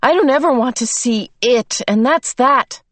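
Defiant, scared teen girl pushing back, storybook heroine, read by a woman, slow reading. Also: mid-range voice, animated, no echo. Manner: defiant, cold. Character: stubborn, frightened, defiant teenage girl.

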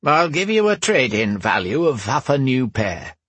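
A man's voice: medium pitch, very animated, normal speed, fairly bright tone, husky, no room sound, pitched above the performer's own voice. A male narrator voicing a grumpy, grey-haired old cobbler who talks bluntly and grumbles. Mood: gruff. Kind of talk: audiobook character voice.

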